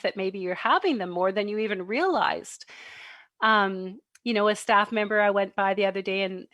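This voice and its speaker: A middle-aged woman presents a parenting workshop over an online livestream from home, picked up by a computer mic on the video stream in a dry recording. In a medium-pitched voice she tells warm personal stories, laughing and animatedly acting out the voices she quotes.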